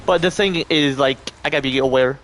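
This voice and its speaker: A young man live-streaming a game, chatting with his viewers and reacting with loud, profane outbursts. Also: mid-range voice, brisk, a little hiss or hum. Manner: profane, talks to chat, reacts loudly. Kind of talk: casual live-stream gaming commentary.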